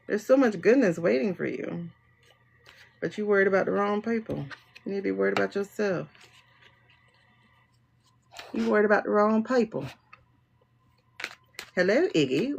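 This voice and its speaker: A woman's voice: medium pitch, expressive, normal speed, creaky, long pauses, a little mellow, a little hiss or hum. A woman doing a livestream tarot and pendulum reading, talking bluntly and joking with her viewers.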